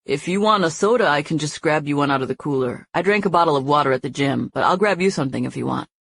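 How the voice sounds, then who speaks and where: Woman voicing a quietly assured young man. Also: sits low, expressive, fast, vocal fry, breathy edge, full character voice. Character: easygoing confident young man. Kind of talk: audiobook character voice.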